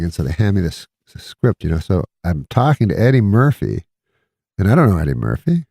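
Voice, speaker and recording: A middle-aged man telling a rambling, deadpan comedy anecdote in casual chat, chuckling between lines. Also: sits low, a little fast, creaky, no room sound, studio quality. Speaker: comedian guest.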